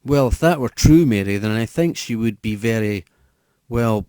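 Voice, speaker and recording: A nervous young priest who hesitates and stumbles for words, as the narrator plays him. The voice is mellow and warm, somewhat raised, in a dry, close recording. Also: male voice, fairly low pitch, lively intonation, moderate pace, clean tone, no echo, lightly acted. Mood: flustered. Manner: hesitant, stammering.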